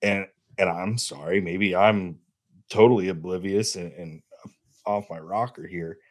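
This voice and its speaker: A man's voice: low voice, fairly even intonation, unhurried. A man hosting a casual chat, talking things through with self-deprecating asides.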